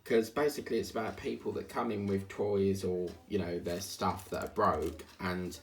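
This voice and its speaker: A man with a low, creaky voice speaks in a steady tone at a moderate pace, chatting and grumbling in asides over his diamond painting at home. The recording comes from a distant mic with faint hiss behind it.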